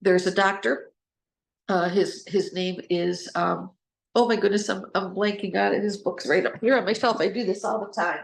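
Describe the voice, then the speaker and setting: A woman's voice: mid-range voice, fairly even intonation, normal speed, vocal fry. A woman hosting an informal talk on trauma recovery, earnest and rambling, who spells words out and restarts her sentences. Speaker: host, trauma recovery speaker. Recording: echoey room.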